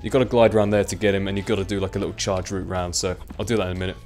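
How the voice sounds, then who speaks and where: Young guy as a let's play commentator, chatty and rambling, lowish voice, faint game music behind. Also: level tone, rapid-fire, darkish tone. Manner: chatty, rambling, self-mocking. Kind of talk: casual gameplay commentary.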